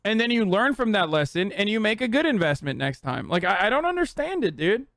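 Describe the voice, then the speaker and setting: A man's voice: sits high, sing-song, brisk, fairly bright tone, dry recording. Give me a man ranting on stream, fired up and swearing, recorded close and dry. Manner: heated, profane, mocking.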